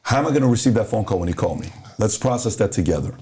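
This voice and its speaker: A man's voice: fairly low pitch, expressive, very fast, dark tone, a little hiss or hum. A middle-aged man from Iran, hosting a casual chat and telling a story with acted-out quotes. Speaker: host.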